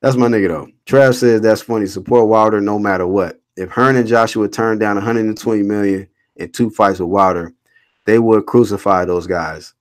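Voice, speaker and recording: The host of a casual boxing stream has a voice on the low side and a moderate pace. He reads viewer comments out and rants back at them bluntly and animatedly, slangy and cursing throughout.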